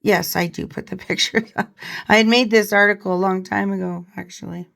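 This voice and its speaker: A woman hosting a commentary channel, her voice hoarse and tired, reading articles aloud in a casual gossipy way and breaking off for quick asides. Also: medium pitch, fairly even intonation, fairly bright tone. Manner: gossipy, reads aloud with asides and small laughs.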